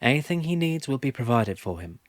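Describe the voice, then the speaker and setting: Storybook character: a man doing a heated, insistent young woman, high and animated. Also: fairly quick, no echo, studio quality, close to an everyday voice. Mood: earnest. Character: fierce, indignant young woman.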